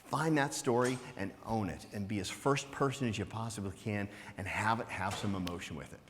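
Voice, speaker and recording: A man giving a motivational business talk to a live conference audience, energetic and teasing, throwing out rhetorical questions with a frequent "right?". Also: lowish voice, a little fast, slight background noise. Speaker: conference speaker. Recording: long hall reverb.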